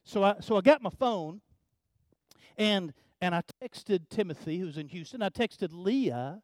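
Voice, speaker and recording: Older male preacher, high-pitched, folksy storytelling, stammered repeats, dry close recording. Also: animated, moderate pace, dry recording. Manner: folksy, repeats words, swings from hushed to loud. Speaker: pastor. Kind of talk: sermon with personal story.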